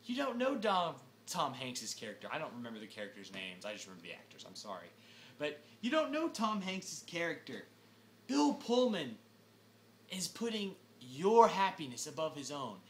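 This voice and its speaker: A young man ranting through a film review, exasperated and animated, breaking into sudden shouts. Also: a little high, normal speed, slight background noise. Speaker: movie reviewer.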